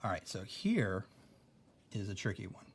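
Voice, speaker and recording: A man's voice: on the low side, very animated, a little slow, slightly rough. A young man teaching a recorded spelling lesson, patient and careful, often checking in with "okay?".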